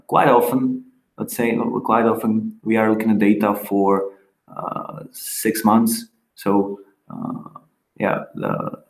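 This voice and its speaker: A man with a very low, gravelly voice presents a software dashboard on a screen share. He talks haltingly, with many fillers and restarts. The recording has a roomy echo. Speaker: product presenter. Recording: echoey room.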